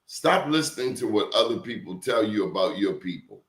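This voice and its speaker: A man telling stories in a lively interview, acting out quotes and questioning his listener. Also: on the low side, normal speed, reverberant. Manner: animated storyteller, acts out quotes, asks the listener questions. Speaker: guest. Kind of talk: casual storytelling interview.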